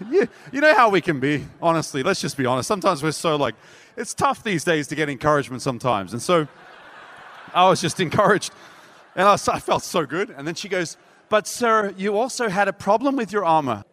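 A man with a high voice preaches in a sermon, telling stories and acting out every quoted line. His voice rings with a long reverb, as in a church hall. He now and then laughs at himself mid-story. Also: big pitch swings, a little fast, a bit bright.

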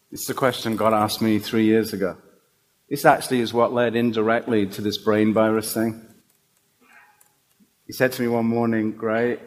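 A man preaching, telling a story and acting out both sides of the conversation with animated, laughing delivery. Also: medium pitch. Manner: animated, acts out dialogue, chuckles as he talks. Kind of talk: sermon storytelling.

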